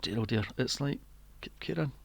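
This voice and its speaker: Gravelly, sweary podcast ranter. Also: male voice, medium pitch, brisk. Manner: sweary, exasperated ranting with mocking impressions. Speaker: podcast co-host. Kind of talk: casual movie review chat.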